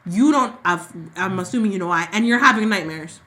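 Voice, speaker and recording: A woman co-hosting a podcast, casually recapping a soap opera and acting out the characters' lines in quick, sassy asides. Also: mid-range voice. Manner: animated storyteller who acts out characters' lines. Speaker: podcast co-host.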